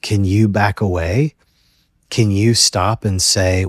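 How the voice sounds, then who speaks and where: A man hosting a counseling conversation, speaking gently and reflectively and thinking aloud by rephrasing his points. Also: on the low side, steady tone, slow, dry recording, clean studio sound. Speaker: host, therapist.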